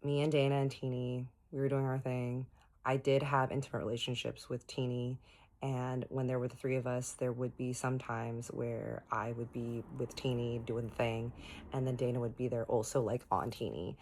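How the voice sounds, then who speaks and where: A woman speaks in a strikingly low register for her sex. She tells a personal story to her viewers in a candid, conversational way. Her phrasing is loose and full of "like". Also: little pitch movement, normal speed, a little mellow. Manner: frank, chatty, heavy use of "like". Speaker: storytime vlogger. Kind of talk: casual storytelling.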